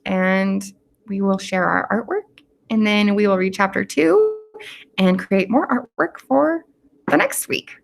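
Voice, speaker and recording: A woman's voice: medium pitch, animated, unhurried, gravelly. A woman teacher reading a novel chapter aloud for her reading club students, in a plain, friendly storytelling manner.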